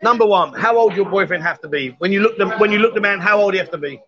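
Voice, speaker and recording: A man's voice: high-pitched, fast talker. A man hosting a casual live stream, joking, teasing his guests and reading out viewer comments. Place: busy bar. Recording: muffled lo-fi, loud bar crowd. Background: loud bar crowd.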